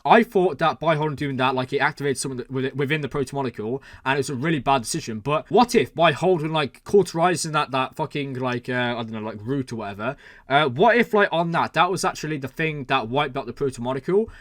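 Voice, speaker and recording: A man hosting a reaction channel, excitedly talking through a TV episode and thinking aloud, with lots of exclamations and fillers. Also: mid-range voice, fast, no room sound, studio quality.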